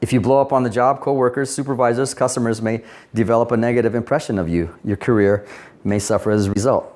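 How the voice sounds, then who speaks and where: A man preaching in an easy, conversational way, weaving personal stories into his message. He slips into quoted back-and-forth dialogue and asides to his listeners, with a voice sitting in an ordinary middle pitch. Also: fairly even intonation, fast talker, a little mellow. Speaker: pastor.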